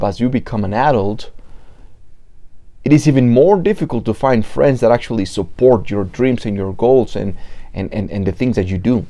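Mexican dude doing a podcast in english, mellow dark voice, swears a lot, trips over his words. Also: on the low side, gravelly. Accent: Mexican Spanish. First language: Spanish. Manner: profane, repetitive restarts, acts out quoted people. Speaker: podcast host. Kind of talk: casual monologue.

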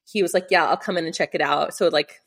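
A woman's voice: on the low side, fast. Chatty middle-aged woman telling a story. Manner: animated, acts out quotes, many fillers. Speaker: rally competitor. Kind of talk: storytelling in an interview.

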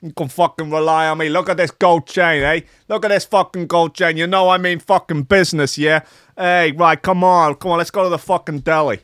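A man's voice: fairly high pitch, steady tone, fairly quick, a bit bright, smooth, no room sound, clean studio sound, voice pushed up, natural voice. A man putting on a brash, swaggering mobster-style politician who swears constantly.

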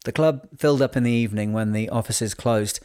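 A man narrating a novel in a measured, unhurried reading voice. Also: medium pitch, darkish tone, smooth. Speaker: audiobook narrator. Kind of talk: scripted narration.

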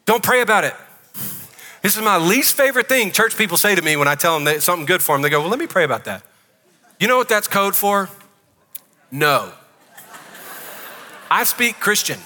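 A man with a Southern US accent preaching a sermon as pastor, joking and animated. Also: high voice, moderate pace, pauses often, long reverb tail. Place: church sanctuary.

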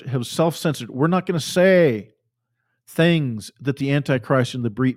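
A man's voice: fairly high pitch, a little mellow. Fervent male preacher, emphatic repetition. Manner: fervent, emphatic, repeats phrases for force. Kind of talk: fiery sermon.

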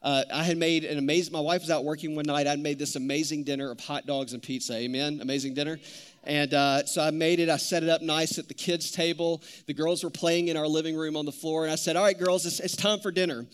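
A man in his thirties preaching a sermon, telling stories in an animated, conversational way. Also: on the high side, fast, clean tone. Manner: animated storytelling, conversational with many "like"s. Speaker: pastor.

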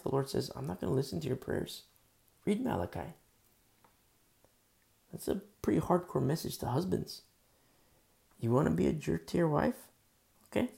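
A man's voice: medium pitch, creaky, dark tone. A man preaching a conversational sermon in a casual, earnest way, full of fillers. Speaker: pastor.

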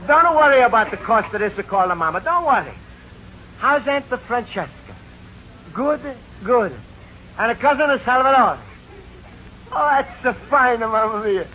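A man's voice: very high voice, full character voice. An actor playing a sentimental Italian immigrant man in broken English with an Italian accent, in 1940s radio sitcom acting. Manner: broken English, laughing and emotional. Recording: dull 1940s radio broadcast, faint audience and hiss.

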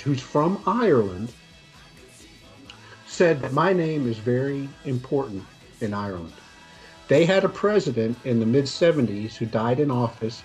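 A man telling a casual, exasperated story on a podcast, swearing as he goes. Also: medium pitch.

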